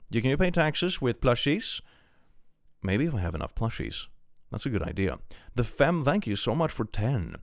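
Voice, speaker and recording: A Swedish man with a Swedish accent streams casually, reading out viewer messages in a jokey, animated way. He swears freely and swings between mock gloom and excitement, his lowish voice recorded clean, without room sound.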